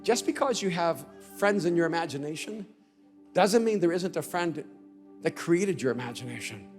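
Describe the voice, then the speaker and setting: High-voiced man preaching with rising intensity. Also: lively intonation, moderate pace, in a large hall, faint music behind. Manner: builds from conversational storytelling to shouted crescendos. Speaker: pastor. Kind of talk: conference sermon.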